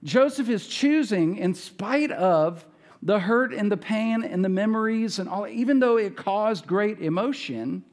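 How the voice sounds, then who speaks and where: A male pastor preaching a casual, conversational sermon, retelling scripture with folksy asides and quick self-corrections. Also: high voice, animated. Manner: retells scripture casually, acts out characters' lines.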